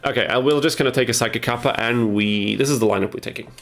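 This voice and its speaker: This young streamer talks fast, his mid-range voice a bit bright. Wearing a headset mic, he keeps up a casual chat with viewers, reading and responding to their messages as the game goes on.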